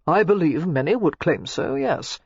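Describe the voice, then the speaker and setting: A reader voicing a calm nobleman husband who speaks evenly with dry amusement. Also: on the high side, normal speed, slightly rough, no echo, lo-fi sound. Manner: even, dryly amused. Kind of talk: audiobook character voice.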